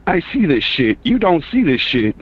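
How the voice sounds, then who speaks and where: A man's voice: a little high, big pitch swings, moderate pace, slightly rough. A man from Chicago calling into a radio show and arguing back in a casual, blunt, slangy way. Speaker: caller. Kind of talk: argumentative call-in. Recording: tinny phone line.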